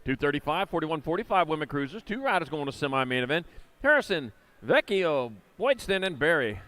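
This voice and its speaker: With no room sound, a high-pitched, sing-song, pushed and bright male voice calls live BMX races in an indoor arena. The announcer rattles off riders and moto numbers quickly, filling gaps between heats with corny jokes.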